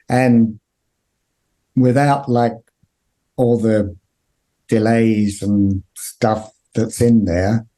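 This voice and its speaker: Slow, mellow-voiced hesitant man. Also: medium pitch. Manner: halting, hesitant, many fillers. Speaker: guitarist guest. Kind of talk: casual chat.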